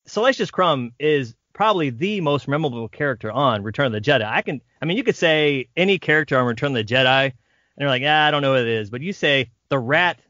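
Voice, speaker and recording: Male podcast host, bright tense voice, eager, dry dull sound. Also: medium pitch, animated, no room sound. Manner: enthusiastic, quick to laugh along. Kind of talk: casual interview.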